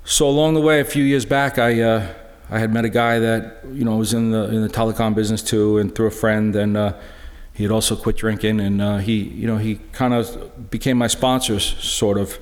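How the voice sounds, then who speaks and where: Earnest middle-aged guy telling his story at church, lowish voice, lots of stops and restarts, big reverby hall. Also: level tone. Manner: halting and earnest, full of restarts. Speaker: lay speaker sharing a personal witness. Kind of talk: personal testimony talk.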